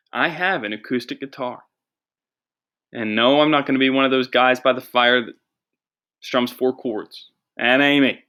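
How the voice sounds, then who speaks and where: A man's voice: medium pitch, pushed and bright. A young adult man hosting his own podcast, rambling through a jokey, self-deprecating solo monologue in a small studio with a producer. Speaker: podcast host and comedian.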